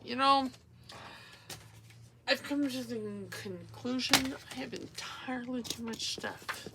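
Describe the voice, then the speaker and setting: A woman's voice: sits high, slow, pauses often. A woman chatting casually while she makes a junk journal, rambling and talking to herself as she works. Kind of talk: casual crafting tutorial chat. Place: home craft room. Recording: noisy home recording. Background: dog and paper rustling.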